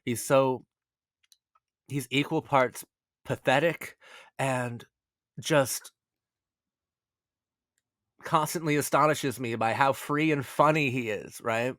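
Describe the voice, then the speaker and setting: A video essay host with a middle-pitched voice delivers a casual analysis with animated energy but a slow pace and frequent pauses. He stammers, restarting words as he works toward his point, and swears freely. The recording is close and dry, with no room sound at all.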